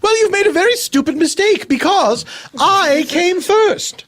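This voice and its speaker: A man's voice: very high voice, lively intonation, unhurried, fairly bright tone, full character voice. A man playing a prim, haughty lady daredevil with old-fashioned, scolding diction on a comedy podcast. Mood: imperious. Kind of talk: improvised comedy podcast character.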